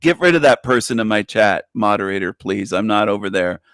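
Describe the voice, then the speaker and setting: A man's voice: lively intonation, fairly quick, fairly bright tone, clean tone, dry recording, clean studio sound. A man co-hosting a livestream, chatting casually, reading out his chat and laughing a lot. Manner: bursts into high laughter, reads chat aloud. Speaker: livestream co-host.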